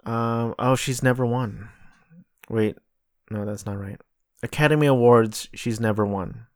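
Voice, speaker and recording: A man's voice: medium pitch, unhurried, no echo, clean studio sound. An American man rambling through casual solo commentary, a bit profane, looking things up aloud as he goes. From United States. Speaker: podcast host.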